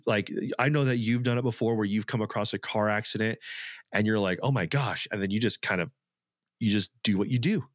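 A man's voice: lowish voice, a bit bright, no echo, studio quality. A man co-hosting a podcast, talking casually and earnestly, rambling with fillers and restarts. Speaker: podcast co-host. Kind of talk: casual chat.

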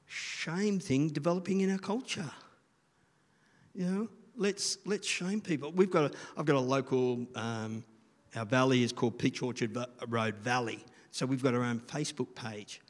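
Chatty man with a long echo. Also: a little high. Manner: rambling, chatty, asks the listeners questions. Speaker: children's church leader. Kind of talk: informal sermon. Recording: long reverb of a large room.

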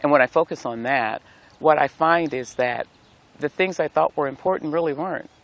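Gravelly-voiced preacher with a rhythmic cadence. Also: male voice, on the high side, moderate pace. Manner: warm preacherly cadence with repeated phrases. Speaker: pastor. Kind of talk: devotional talk. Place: outdoors in nature.

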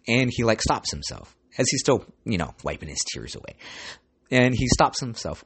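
A man's voice: medium pitch, expressive, moderate pace, gravelly, breathy edge. A man in his forties hosting a casual solo podcast, telling rambling stories with swearing and lots of "dude.". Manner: rambling storytelling, swears, calls listeners "dude". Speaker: podcast host.

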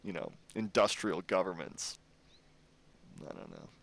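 A Canadian man with a fairly low voice chats loosely on a podcast. He rambles, restarts his sentences and drops casual swears as he goes. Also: measured pace, fairly bright tone, dry recording. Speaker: podcast co-host. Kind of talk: casual chat.

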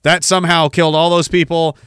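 A man hosts a podcast and gives casual, sarcastic commentary full of profanity. His voice sits slightly high for a man. The recording is dry, with no room sound. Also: flat delivery, fairly quick, a bit bright, clear, resonant tone, dry recording. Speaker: podcast host.

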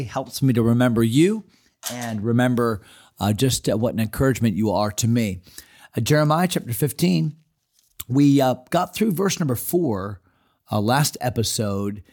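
Earnest man teaching the Bible. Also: medium pitch. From United States. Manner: earnest, animated, with frequent fillers.

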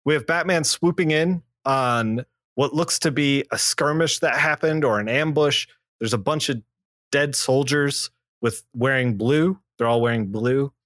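A man's voice: a little slow, fairly bright tone, no echo, studio quality. A man co-hosting a podcast, casually recapping a comic book plot with lots of fillers and restarts. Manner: recaps plots loosely with many fillers and restarts; acts out character lines in a lower voice. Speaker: podcast co-host.

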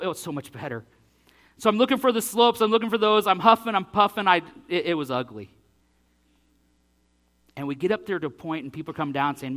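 A man in his forties, a pastor telling a personal story in a sermon, animated and self-deprecating. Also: on the high side. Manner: animated, self-deprecating, acts out his own breathless lines.

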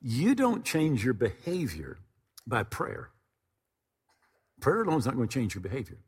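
Husky-voiced man preaching in a hall. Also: medium pitch. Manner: conversational preaching with frequent word repetitions. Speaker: pastor. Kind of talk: sermon. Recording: reverberant hall.

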